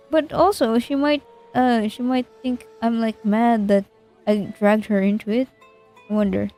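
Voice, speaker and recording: A woman's voice: a little high, fairly even intonation, dark tone, soft background music. A woman streamer who reads a story game's narration aloud and talks back to her chat between passages. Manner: reads narration slowly, breaks off into chatty reactions. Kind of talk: reading a story game aloud on a livestream.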